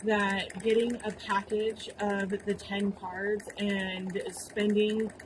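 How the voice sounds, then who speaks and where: A woman's voice: medium pitch, little pitch movement, slow pace, slight background noise, low-quality recording. A woman hosting a shop livestream, chatting casually and playfully as she demonstrates machine embroidery. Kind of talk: livestream product demo chat. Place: sewing shop studio.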